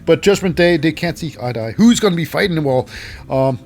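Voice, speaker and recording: A man's voice: a little high, expressive, a little fast, darkish tone, soft background music. Rambling male recap host. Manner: rambling, many fillers. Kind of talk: casual wrestling recap.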